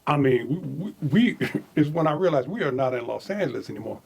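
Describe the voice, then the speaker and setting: A man casually telling stories from his own life, animated, chuckling and repeating words as he goes. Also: on the high side, brisk, gravelly, breathy edge. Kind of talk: casual spoken memoir storytelling.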